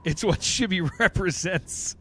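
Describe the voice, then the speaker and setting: This livestreamer's voice is high-pitched, a little slow, bright and pushed. While playing an online game, he talks loosely to his audience, responds to chat, and tends to say the same things again.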